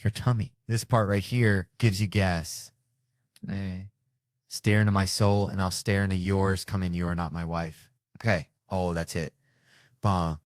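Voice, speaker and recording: A male comedian telling loud, profane stand-up stories and acting out the people in them. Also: low-pitched, level tone, measured pace, no room sound, clean studio sound. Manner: loud, swearing, acting out characters. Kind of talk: stand-up storytelling.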